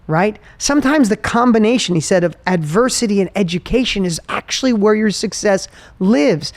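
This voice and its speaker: A man hosting a podcast, telling a personal motivational story with energy, his voice dropping low and soft when he turns emotional. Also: expressive, normal speed, no echo. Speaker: podcast host.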